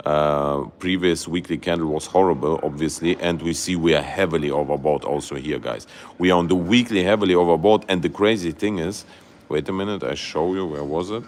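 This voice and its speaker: Low-voiced man streaming live chart commentary. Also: a little hiss or hum. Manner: excitable, loose grammar, many fillers and "guys". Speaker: crypto livestream host.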